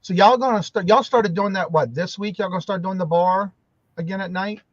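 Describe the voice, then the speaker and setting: A man's voice: sits high, fairly quick, no echo, highs cut off. A man from Massachusetts hosting a live morning stream, greeting each viewer by name with a repeated hello and welcome. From Massachusetts, USA. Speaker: host.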